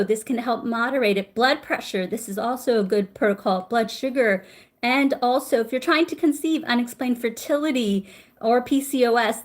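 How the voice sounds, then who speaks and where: A middle-aged woman teaching acupressure on a live stream, chatty and warm, stopping to greet viewers. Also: fairly high pitch. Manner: warm, chatty, reads viewer comments aloud. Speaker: acupressure instructor. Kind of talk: live-streamed health lesson.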